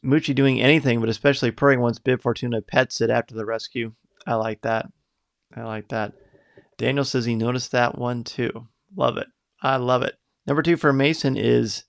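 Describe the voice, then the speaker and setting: A man's voice: mid-range voice, gravelly, fairly bright tone. A man hosting a live podcast, reading out viewers' picks in an upbeat, chatty way. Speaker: podcast host.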